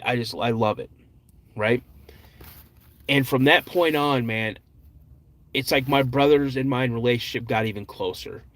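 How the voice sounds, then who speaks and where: A middle-aged man chatting casually as host of a podcast, at a middle pitch. He rambles through stories with repeated words and "um"s. His tone is plain and conversational. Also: no echo. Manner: rambling, with frequent restarts and filler words. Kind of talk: casual live chat and personal storytelling.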